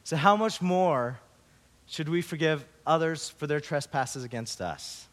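A man pastor giving a sermon, opening with a story and then preaching slowly and earnestly. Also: on the high side.

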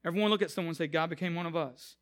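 High-voiced pastor preaching. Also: male voice, racing, fairly bright tone. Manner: conversational, acts out quotes, rises to emphatic preaching. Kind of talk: sermon with storytelling.

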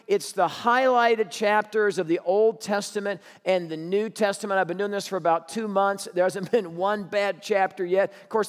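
A man preaching as a pastor in a church auditorium, conversational and joking as he tells stories. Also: high voice. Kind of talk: sermon. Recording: echoey hall reverb.

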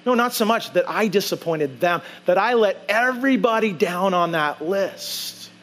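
A man's voice: sits high, lively intonation, moderate pace, a bit bright. A male pastor preaching a conversational sermon in a church, telling a story and acting out his own side of the dialogue. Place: church sanctuary.

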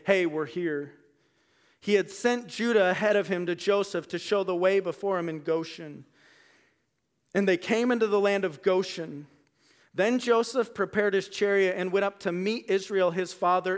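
A man with a notably high voice preaches a lively sermon before a congregation and reads scripture aloud. His delivery is casual and conversational. It swings from soft, hushed asides to loud, emphatic peaks. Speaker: pastor. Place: room with a live congregation.

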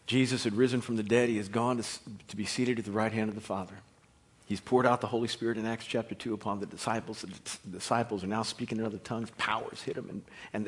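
A man preaching a sermon, swinging from loud exhortation to hushed near-whispers and repeating words as he builds a point. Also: lowish voice. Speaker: pastor.

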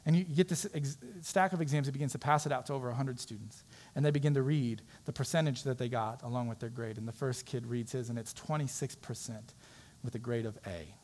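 A man's voice: medium pitch, fairly quick, a little mellow, a little hiss or hum. A man preaching a sermon as pastor, telling a story in an earnest, conversational way.

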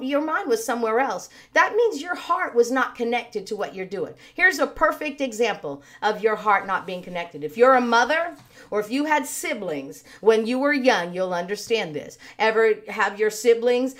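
A woman leading an online worship service, preaching in an earnest, conversational way with a slightly raspy voice. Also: fairly high pitch, a bit bright. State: a little raspy. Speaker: worship leader. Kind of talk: sermon with worship singing.

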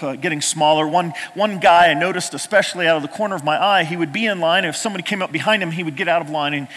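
A man's voice: fairly high pitch, sharp tone, in a large hall. A middle-aged man from Oklahoma, a pastor telling a story in a sermon, talking conversationally with frequent "uh" fillers.

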